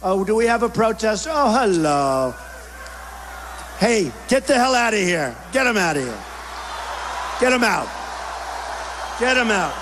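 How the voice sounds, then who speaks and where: A man's voice: high-pitched, very animated, measured pace, long pauses. A man giving a campaign rally speech in punchy, repetitive short phrases, bombastic and rousing. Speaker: political speaker at a rally. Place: large indoor rally venue. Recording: echoey hall with faint crowd noise.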